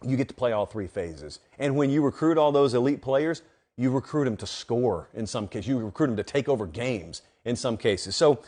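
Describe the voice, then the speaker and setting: A man's voice: medium pitch, darkish tone. A man hosting a sports show, giving solo football commentary in an emphatic, conversational way, with rhetorical questions aimed straight at his audience.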